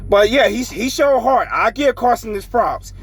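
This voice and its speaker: A man's voice: extremely high pitch, animated, moderate pace, breathy edge, rough recording. A man ranting as a frustrated sports fan in a casual vlog, swearing heavily and repeating himself.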